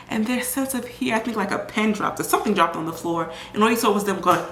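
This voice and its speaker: A young woman tells her own story in a loose, chatty vlog style. She is animated and often slips into other people's voices as she tells it. Her voice rings in an echoey room, with a faint hum of ambient noise behind her. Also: medium pitch, fast.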